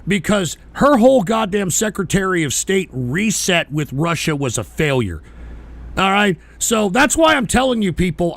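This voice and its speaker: A man's voice: high-pitched, big pitch swings, moderate pace, fairly bright tone. A male political talk-show host ranting profanely and combatively during a live stream, snapping at trolls.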